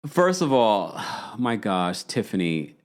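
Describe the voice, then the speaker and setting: Animated man chatting on a live show. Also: on the low side, slow pace. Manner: animated, acts out quoted lines in shifting voices. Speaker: podcast host recapping reality TV. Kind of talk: casual chat, reading out live chat comments.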